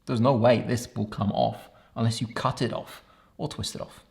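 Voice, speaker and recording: A man's voice: medium pitch, steady tone, moderate pace, creaky, darkish tone. A man hosting a tech review vlog, talking with playful enthusiasm as he demonstrates gear. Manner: enthusiastic, playful demo talk.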